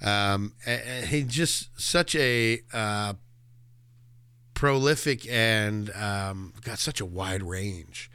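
A man's voice: lowish voice, slow, sharp tone, clean tone, dry recording. A man co-hosting a movie podcast, chatting casually and animatedly, laughing and acting out quotes. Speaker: podcast co-host.

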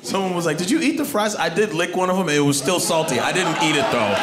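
A man's voice: on the high side, fast talker, hardly any pauses, very noisy. A man doing a stand-up comedy set, telling stories and acting out what people said. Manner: animated storytelling, acting out quotes. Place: comedy club stage before a live audience. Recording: live club recording with loud crowd.

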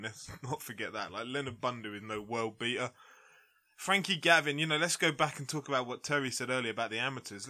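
Brash boxing pundit, bright, punchy delivery. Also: male voice, medium pitch. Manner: blunt, animated ranting with frequent "like". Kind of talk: casual podcast debate.

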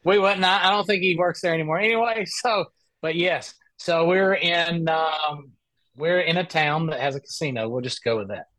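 A man with a voice pitched a little high for his sex spins a long, animated yarn as a podcast guest. He rambles and restarts as he goes, and the sound is close and dry, with no room around it. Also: moderate pace, no room sound. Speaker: guest, professional golfer. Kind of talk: casual storytelling interview.

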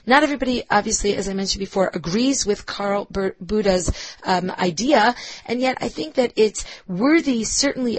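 A woman's voice: mid-range voice, no room sound, low-quality recording. Give me a woman teaching a Bible class, dry and close, explaining with plenty of ums. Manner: explanatory, with frequent fillers and checking "right?". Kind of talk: recorded lecture.

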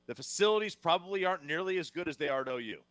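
A man from New Jersey co-hosting a casual sports talk show, emphatic and quick to restart his sentences. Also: fairly high pitch, lively intonation, a bit bright, no echo. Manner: emphatic, repeats words when starting sentences. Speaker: sports radio co-host.

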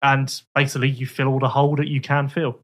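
A man's voice: medium pitch, little pitch movement, fast talker, a bit bright. A young man co-hosting a podcast, reading out listener questions and answering with dry, teasing asides. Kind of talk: casual chat.

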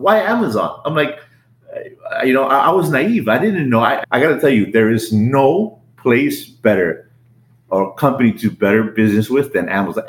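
A middle-aged man, a business owner, telling his story as a podcast guest in a lively, casual way, often repeating words and acting out what people said. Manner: animated, repeats words, acts out quotes in a higher voice. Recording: roomy echo.

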